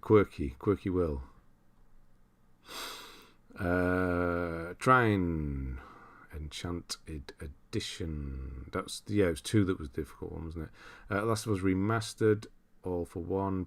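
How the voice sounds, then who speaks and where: Guy on a livestream, deep voice, rambling chatty, laughs a lot. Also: slow. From United Kingdom. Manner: chatty, thinks aloud, laughs often. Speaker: streamer. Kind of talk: casual livestream chat reading viewer lists.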